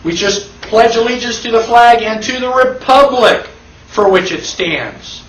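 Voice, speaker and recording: An emphatic man with a fairly high voice teaches a classroom lecture and keeps throwing rhetorical questions at his listeners. The sound is roomy and echoey. The mic sits at some distance from him. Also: a little slow, slight background noise. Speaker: constitution class instructor. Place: classroom with an audience.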